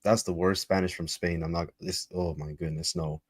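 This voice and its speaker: Deep-voiced man in slangy livestream banter. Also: little pitch movement, normal speed, husky, no echo, clean studio sound. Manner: slangy, joking, switches between English and Spanish. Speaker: livestream host.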